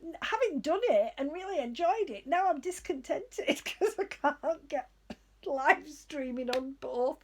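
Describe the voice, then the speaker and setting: A woman medium with a high voice shares spiritual guidance at a slow, unhurried pace. She is gentle and reflective, and she often laughs at herself as she talks. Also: lively intonation. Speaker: psychic medium.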